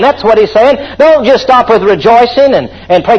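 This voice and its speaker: A fervent preacher with a high, husky voice drives his sermon, calling on the congregation to answer back. The recording is dull and lo-fi. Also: very animated, moderate pace, few pauses.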